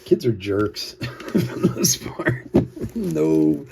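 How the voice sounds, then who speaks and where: His voice is fairly high and sing-song, extremely slow, with vocal fry, and the recording is very noisy. A middle-aged man hosting a card-break livestream, he chats casually while opening cards, telling stories with plenty of laughs and calling names between digressions.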